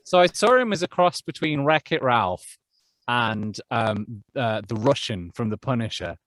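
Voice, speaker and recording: Brief: male voice actor guest, casual and self-deprecating, mid pitch, dry close sound. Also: lively intonation, measured pace, fairly bright tone, no echo. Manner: chatty, self-deprecating, many fillers and restarts. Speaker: audiobook narrator guest. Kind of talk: casual interview chat.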